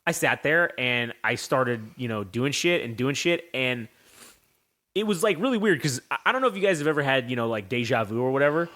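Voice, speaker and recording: A man's voice: mid-range voice, animated, brisk, fairly bright tone. A man telling a rambling, profane story as a podcast co-host. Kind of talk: casual storytelling.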